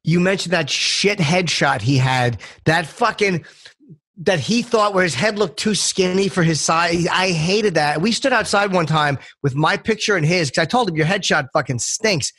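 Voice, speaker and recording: A man's voice: high-pitched, moderate pace, fairly bright tone. Blunt, wry man, a podcast guest. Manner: blunt, wry, with crude jokes. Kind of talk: casual chat.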